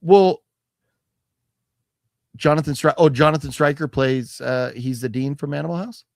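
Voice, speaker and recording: A man's voice: fairly high pitch, moderate pace, creaky, dry recording, clean studio sound. A man co-hosting a casual show about a movie haul, rambling with restarts, swearing freely and reading product blurbs aloud. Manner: restarts sentences, hedging fillers. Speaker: co-host of a physical media haul show. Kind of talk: casual chat.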